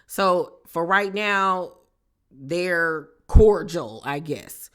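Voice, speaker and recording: A woman recapping a reality TV episode in a casual, animated, gossipy way, with slangy exclamations. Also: lowish voice, very slow. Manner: animated, gossipy retelling with acted-out quotes.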